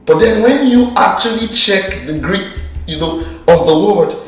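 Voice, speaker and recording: A man preaching a sermon, lively and joking, with slang and rhetorical questions to the crowd. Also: sits high, measured pace. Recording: very echoey hall, mic far off.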